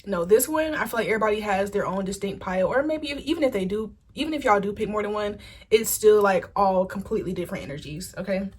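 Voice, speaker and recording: A woman giving a casual pick-a-card tarot reading, chatty and animated, swearing freely. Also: mid-range voice, fast, breathy edge. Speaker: tarot reader.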